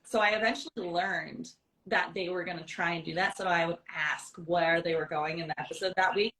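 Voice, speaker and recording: Lively storytelling woman voice actor. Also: on the low side, brisk, low-quality recording. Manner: animated storyteller who acts out dialogue and laughs often. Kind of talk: casual chat, telling anecdotes.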